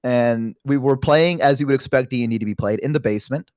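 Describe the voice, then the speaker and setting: Animated man telling a long story. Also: medium pitch, fast talker, dry recording, studio quality. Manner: animated storyteller, acts out characters' voices; rambling, self-conscious asides. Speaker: guest streamer. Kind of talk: casual storytelling on a chat stream.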